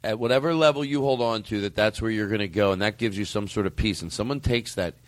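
A man's voice: on the low side, quick pace, no echo. A man hosting a comedy podcast in casual chat, rambling and often cutting himself off mid-sentence. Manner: rambling, self-interrupting storyteller. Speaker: podcast host.

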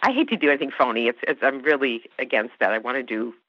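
A woman's voice: rumbling low, animated, fast, no echo. A woman actress raised in Canada with Hungarian as her first language, chatting effusively in an interview and laughing often. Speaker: actress guest. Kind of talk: casual interview chat. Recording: dry, slightly dull podcast sound.

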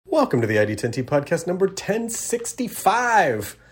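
A man's voice: sits high, sing-song, moderate pace, faint music behind. A middle-aged man from Tennessee hosting a podcast in casual, rambling chat, self-deprecating and restarting his sentences. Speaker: podcast host.

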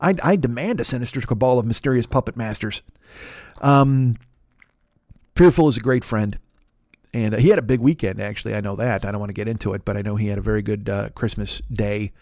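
A man hosting a podcast, doing a comedic ad read in a profane, rambling, animated riffing way. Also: fairly low pitch, fairly quick, no echo, studio quality. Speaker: podcast host reading an ad.

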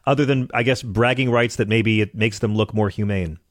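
A man's voice: on the low side, steady tone, brisk, dry recording. Sarcastic man, dry close sound. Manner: sarcastic, incredulous. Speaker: political commentator. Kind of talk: casual political chat.

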